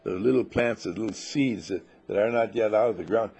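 A man's voice: lowish voice, brisk, darkish tone. A man leading a spiritual talk to a small group, playfully telling stories and acting out little voices. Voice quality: husky, gravelly. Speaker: spiritual teacher.

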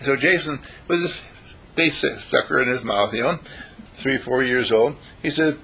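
A man's voice: mid-range voice, normal speed, creaky, husky. A man preaching a sermon, telling stories and acting out the characters in them. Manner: animated, acts out characters in the stories. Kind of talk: sermon with storytelling.

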